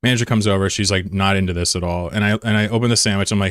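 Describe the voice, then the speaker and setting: Low-voiced man telling a wry rant. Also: very fast, few pauses, dry recording, studio quality. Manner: wry, self-mocking, animated retelling. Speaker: streamer. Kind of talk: casual storytelling while gaming.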